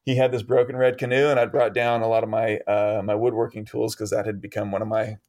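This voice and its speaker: A man's voice: lowish voice, flat delivery, fast, a little mellow. A man telling a long story as an interview guest, rambling with many fillers and laughing often.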